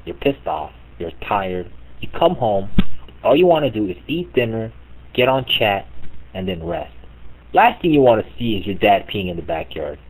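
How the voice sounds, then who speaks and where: A man with a husky, slightly low voice rants to his chat room, mocking and exasperated. He swears freely and piles on absurd scenarios in disbelief. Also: very animated, normal speed, low-quality recording. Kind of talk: comedic rant on live chat.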